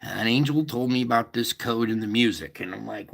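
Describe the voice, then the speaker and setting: A man's voice: medium pitch, a little fast, gravelly, fairly bright tone. A man hosting a casual livestream, explaining at length with restarts and frequent checks with his listeners. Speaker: livestream host.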